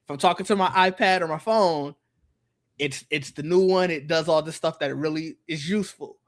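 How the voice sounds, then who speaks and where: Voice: medium pitch, normal speed. Rambling podcast host in casual chat. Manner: rambling, restarts often, acts out imagined remarks.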